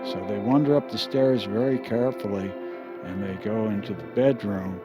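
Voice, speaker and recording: A man's voice: on the low side, moderate pace, muffled recording, over music. An older man telling a humorous story in a rambling, casual way with chuckling asides.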